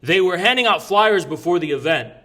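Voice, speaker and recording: A man's voice: sits high, expressive, a little fast, sharp tone. A man telling a story in casual chat, brash and profane, rambling with restarts. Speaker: podcast guest recounting an event.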